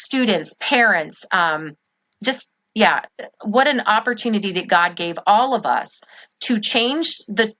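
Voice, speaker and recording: A woman's voice: medium pitch, pushed and bright. A middle-aged woman telling her story as an interview guest, earnest and heartfelt, with frequent ums. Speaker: guest, parent advocate.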